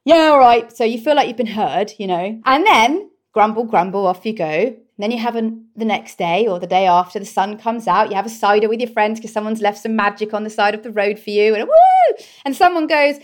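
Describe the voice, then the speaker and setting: A British woman, a guest in an interview, telling her story in a heartfelt, expressive way. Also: mid-range voice, brisk, few pauses. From Britain. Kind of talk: conversational interview.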